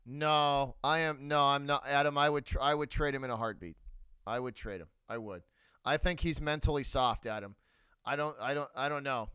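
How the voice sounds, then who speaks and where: A man's voice: mid-range voice, moderate pace, clean tone, no echo. A man with a Boston accent hosting a live sports reaction stream, talking bluntly and repeating his points. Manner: blunt, repeats himself, shouts out viewers. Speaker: livestream host.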